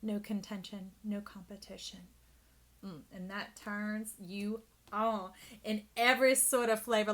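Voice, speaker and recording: A woman giving an intuitive tarot reading, speaking effusively and emphatically straight to the listener, at times dropping into a hush. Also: mid-range voice, level tone, normal speed. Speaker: tarot reader.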